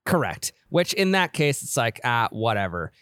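A man's voice: medium pitch, very animated, moderate pace, a bit bright, dry recording. Laid-back man joking in a dry room. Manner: joking, riffing on ideas. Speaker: podcast co-host. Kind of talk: casual chat.

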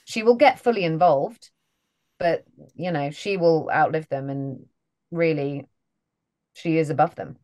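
Low-voiced British woman, chatty. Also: a little mellow. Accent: British English. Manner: chatty, self-deprecating, quick to laugh. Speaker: voice and mocap actor guest. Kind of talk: casual interview chat.

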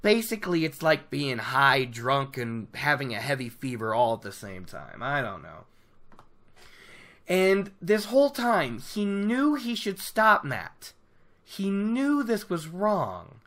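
A host giving a casual book recap, animated and opinionated, laughing often. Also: mid-range voice, slow.

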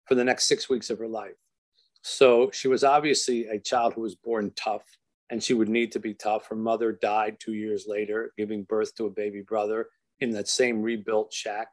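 A man as an interview guest, telling a story in an earnest, measured way and slowing down for emphasis. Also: fairly low pitch. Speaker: author and guest.

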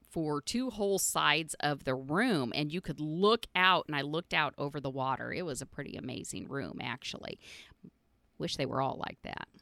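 A woman's voice: deep voice, fairly bright tone, no room sound, studio quality. A middle-aged woman hosting her own podcast, telling stories in a blunt, profane way with frequent laughs. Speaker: podcast host. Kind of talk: casual storytelling monologue.

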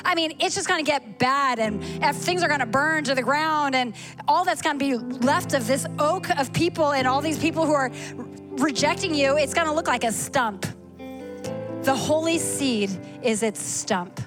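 A woman preaching a sermon at a church service, animated and fast, reading Scripture and asking the congregation questions. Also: high voice. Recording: sermon with clear music behind.

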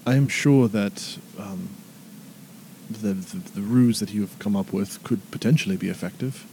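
A man playing a tabletop role-playing game, speaking in character in a slow, formal, hesitant way. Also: lowish voice, mellow, a little hiss or hum.

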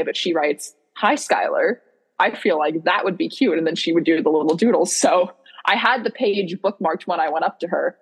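Young woman telling a lively story, husky voice. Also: lowish voice, moderate pace. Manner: animated storyteller who acts out quotes and laughs often. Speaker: podcast guest co-host. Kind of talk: casual chat over a video call. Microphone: video call.

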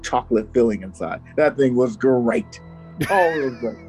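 A man's voice: medium pitch, animated, moderate pace, a little mellow, faint music behind, rough recording. A man hosting a true-crime podcast who tells the story in a casual, jokey way and laughs easily. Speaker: podcast host telling the story. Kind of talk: casual chat.

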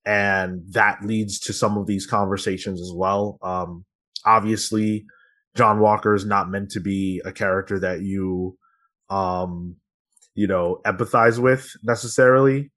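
Casual low-voiced male podcast host. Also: fairly bright tone. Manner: rambling, filler-heavy, conversational. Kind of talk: casual podcast chat and outro plugs.

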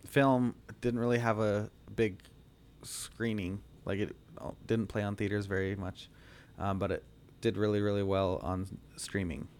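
A man's voice: on the low side, level tone, a little slow, a little mellow, a little hiss or hum. A man hosting a casual movie podcast, laughing easily and talking with many fillers. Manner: laughs often, loose with fillers. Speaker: podcast host.

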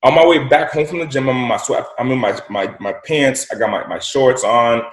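Young adult male guest, animated slangy storyteller, in an echoey room. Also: medium pitch, fairly quick. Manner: animated, slangy, repeats words. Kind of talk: casual storytelling interview. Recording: roomy echo.

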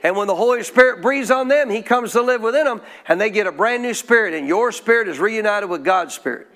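A man's voice: high-pitched, lively intonation, a little fast, fairly bright tone. A man preaching a sermon in a church, putting questions to the congregation and drawing answers back in call-and-response. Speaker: pastor.

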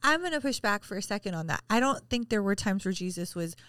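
A woman's voice: medium pitch, animated, fast talker, fairly bright tone, clean tone, no room sound. A woman co-hosting a faith podcast in a casual, encouraging way, often chiming in to agree. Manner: encouraging, frequent agreeing interjections. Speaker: podcast co-host.

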